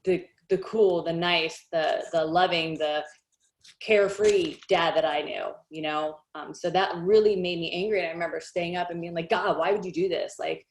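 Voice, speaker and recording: Woman guest, low-ish voice, halting and candid testimony, roomy echo on the recording. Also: steady tone. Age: adult. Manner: candid, halting, with many fillers and restarts. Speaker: podcast guest. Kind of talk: personal testimony in conversation. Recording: echoey room.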